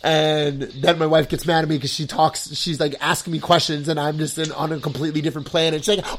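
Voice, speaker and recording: A young man hosts a casual podcast chat, talking in long, rambling runs packed with fillers. His voice sits a bit high for a man. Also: a little fast, hardly any pauses. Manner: rambling, full of "like" fillers, excitable. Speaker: podcast host.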